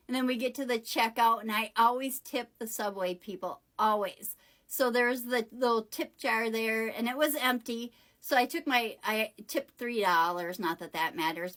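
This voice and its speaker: A woman's voice: fairly high pitch, fairly bright tone. A woman vlogger telling a personal story to the camera in a casual, rambling way, often correcting herself. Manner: chatty, rambling retelling with self-corrections.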